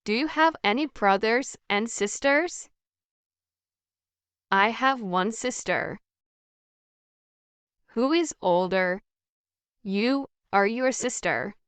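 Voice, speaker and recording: A woman reading a scripted practice conversation in a slow, evenly paced, carefully articulated way. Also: on the high side, expressive, fairly bright tone, clean tone, no room sound. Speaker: English practice dialogue voice.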